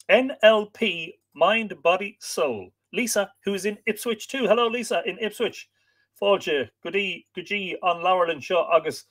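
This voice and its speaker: Irish male stream host, slightly higher voice, easygoing chat, reads viewer names aloud and trips on a few. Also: fairly bright tone. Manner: friendly, chatty, stumbles over names. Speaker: livestream host. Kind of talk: casual chat, greeting viewers.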